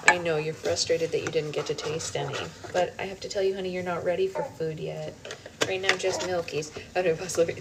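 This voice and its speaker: A woman's voice: on the low side, fairly even intonation, brisk. A young woman hosting a live book club stream from home, chatting casually and rambling between comments and her baby. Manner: chatty, rambling, talks in sing-song baby talk to her infant. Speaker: book club livestream host. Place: home kitchen. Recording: loud air-conditioning hum behind.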